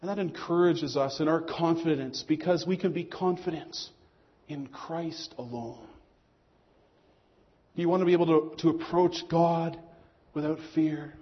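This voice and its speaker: High-voiced pastor preaching in a hall. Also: male voice. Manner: earnest preaching, slowing on key phrases. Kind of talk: sermon. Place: church hall. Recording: muffled long hall echo.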